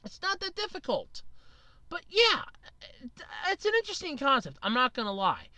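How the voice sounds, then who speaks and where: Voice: high-pitched, big pitch swings, normal speed, bright, forceful tone, no echo. A podcast host giving blunt, opinionated solo commentary, swearing casually and rambling with restarts.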